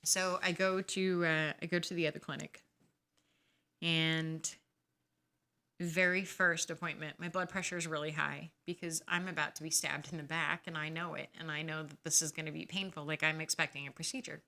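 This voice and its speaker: A woman's voice: sits low, level tone, normal speed, vocal fry, bright, forceful tone. A woman podcast host telling a personal story in a casual, indignant and sarcastic way.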